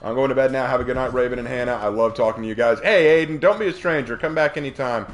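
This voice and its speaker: A man's voice: medium pitch, fast. Chatty Southern man streaming games. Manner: animated, chatty storyteller. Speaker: game streamer. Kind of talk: casual stream chat and storytelling.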